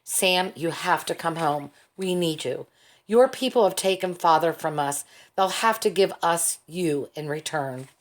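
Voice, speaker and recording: A worried mother pleads with quiet firmness, as a woman reads her in an audiobook. The voice is somewhat low and even. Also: unhurried, lightly acted. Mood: pleading. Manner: pleading and firm. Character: worried, determined mother, middle-aged woman. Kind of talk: audiobook character voice.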